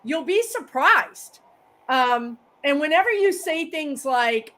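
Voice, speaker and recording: A woman speaking as a guest psychic medium in a casual live chat, explaining with everyday examples and lively quoted phrases. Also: sits high, unhurried.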